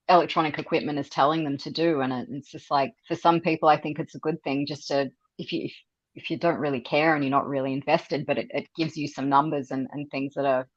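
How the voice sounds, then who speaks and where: Australian woman guest, low voice, chatty and animated, slightly dull lo-fi sound. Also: no room sound. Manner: animated, laughs often, repeats words when thinking. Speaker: interview guest. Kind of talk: casual interview conversation.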